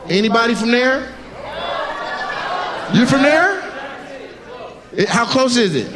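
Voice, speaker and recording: A male stand-up comedian doing crowd work, teasing audience members in a brash, profane way. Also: very high voice. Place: live comedy venue with audience. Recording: live show with crowd and noise.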